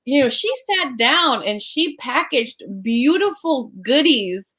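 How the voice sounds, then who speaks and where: A woman's voice: sits high, lively intonation, slow pace, sharp tone, husky. A woman in casual chat among friends, blunt and outspoken.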